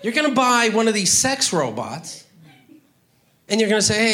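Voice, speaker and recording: Stand-up comic, male, bright and lively, profane rants that spike into loud outbursts. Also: sits high. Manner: profane, rapid ranting with sudden loud outbursts. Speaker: stand-up comedian. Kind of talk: stand-up routine.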